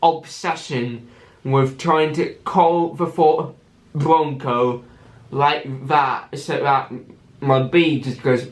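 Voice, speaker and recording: Slow, stammering male podcast host. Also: mid-range voice, fairly even intonation, echoey room, slight background noise. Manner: stammering, restarts words often. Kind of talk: casual solo podcast talk.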